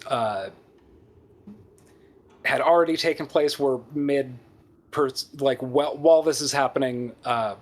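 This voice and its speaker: A man narrating as dungeon master in a casual game session, pausing often with ums and restarting his sentences. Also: mid-range voice. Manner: hesitant, many ums and restarts.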